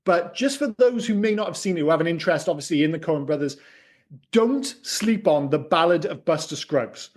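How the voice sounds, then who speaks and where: A man's voice: on the high side, lively intonation, a little fast. A man co-hosting a podcast, chatting casually about films, swearing freely and using lots of fillers. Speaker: podcast co-host. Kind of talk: casual film chat.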